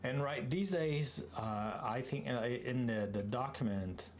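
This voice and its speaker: A man's voice: mid-range voice, measured pace. A man with a French Canadian accent, a native French speaker, chatting casually and rambling through asides while hosting a live coding stream.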